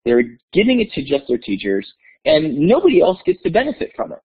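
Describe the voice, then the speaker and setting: A man who is an educator, presenting in a webinar as an animated storyteller who repeats words as he goes. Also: a little high, brisk, slightly rough. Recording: tinny phone-like webinar audio.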